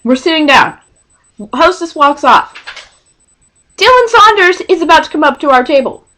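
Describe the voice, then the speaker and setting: A young woman from Texas telling a storytime vlog, rambling and excitable, often cutting herself off mid-sentence. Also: high-pitched, moderate pace. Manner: rambling, self-interrupting, excitable. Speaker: vlogger.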